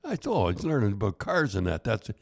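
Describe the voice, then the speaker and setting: A man's voice: on the low side, big pitch swings, fast, darkish tone. Older man rambling through hockey stories. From Canada. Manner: rambling, repeats words, chuckles at his own stories. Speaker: podcast host, former hockey coach. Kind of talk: casual storytelling chat.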